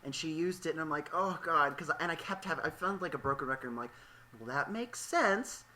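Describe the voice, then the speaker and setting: A man's voice: fairly high pitch, lively intonation, a little fast, sharp tone, slight background noise. A young man hosting a casual interview podcast, talking in a playful, joking way. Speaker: podcast host; English teacher. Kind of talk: casual chat.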